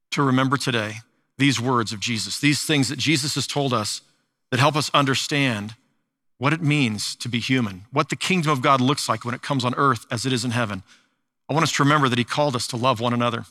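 An older man preaching a sermon, earnest and slow at the weighty lines, with frequent restarts. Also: mid-range voice, pushed and bright. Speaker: pastor.

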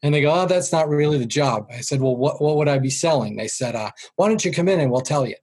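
A man's voice: fairly high pitch, lively intonation, quick pace, a little mellow. A middle-aged man with a Boston accent, a sales trainer telling his career story in an interview, joking and dropping his voice to quote his parents. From Boston area. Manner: self-deprecating, jokey, drops voice for quoted parents.

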